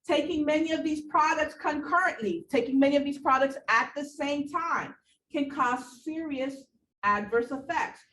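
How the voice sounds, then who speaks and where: A nursing instructor gives an animated classroom lecture, addressing her students directly and repeating points for emphasis. Her voice sits high and moves at a normal pace, though she sounds out of breath. She's recorded far from the mic in an echoey room with faint background noise.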